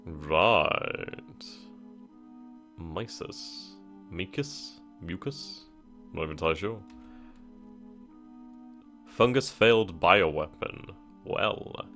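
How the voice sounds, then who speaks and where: A man's voice: low voice, extremely slow, long pauses, faint music behind. A man hosting a game let's-play, reading the screen aloud and musing as he picks options, with hesitations. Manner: reads on-screen text aloud, thinks out loud with hesitations. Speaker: gaming channel host. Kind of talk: casual let's-play commentary.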